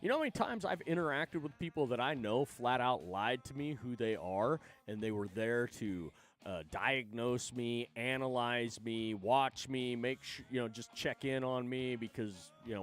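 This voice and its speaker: A man talks off the cuff on a livestream, wandering from thought to thought with plenty of swearing and laughing between lines. His voice sits at an ordinary middle pitch for a man. Faint music plays underneath. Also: lively intonation, normal speed. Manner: rambling, profane, laughs often. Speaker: livestream host. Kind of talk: casual livestream chat.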